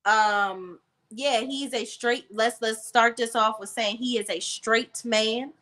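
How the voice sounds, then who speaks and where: A woman's voice: a little high, fairly even intonation, slow, a bit bright. A woman co-hosting a casual gossip chat, emphatic and sassy, tossing in "okay?" and "honey" often. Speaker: podcast co-host.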